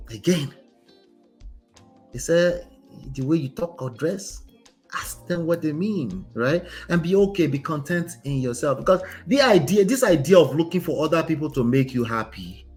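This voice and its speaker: A man, a relationship coach host giving casual, emphatic commentary and often asking "right?". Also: on the high side. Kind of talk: casual commentary on a reader's story.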